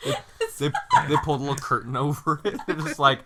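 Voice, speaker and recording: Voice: mid-range voice, steady tone, fast talker, heavy background noise. A podcast co-host in casual chat, cracking sarcastic jokes and asides. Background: friends laughing loudly.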